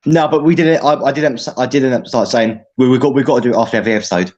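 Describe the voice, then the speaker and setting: A man's voice: mid-range voice, fast, lo-fi sound, crowd noise. A young man in casual podcast banter, blunt and joking. He swears heavily in an ordinary mid-range voice. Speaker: podcast co-host. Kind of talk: casual chat.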